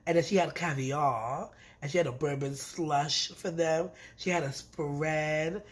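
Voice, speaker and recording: A woman giving a casual recap of a reality TV episode, talking in an animated, emphatic way and repeating words for effect. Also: sits low, unhurried. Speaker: reality TV reviewer.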